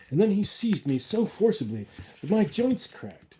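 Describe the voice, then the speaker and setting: A man reading a classic horror tale aloud with an expressive, theatrical delivery. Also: a little high, a little slow.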